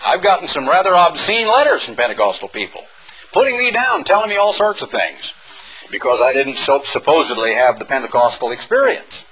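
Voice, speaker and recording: A middle-aged man preaching a sermon, reading scripture slowly for emphasis and explaining it in a folksy, sarcastic way. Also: medium pitch, poor audio. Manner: animated, folksy and sarcastic asides; slows down to stress scripture phrases.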